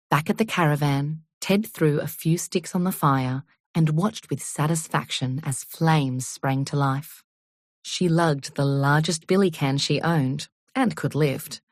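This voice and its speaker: A woman reading an audiobook in a measured, unhurried storytelling manner. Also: low voice, a little mellow, no echo, studio quality. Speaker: audiobook narrator. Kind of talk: scripted audiobook narration.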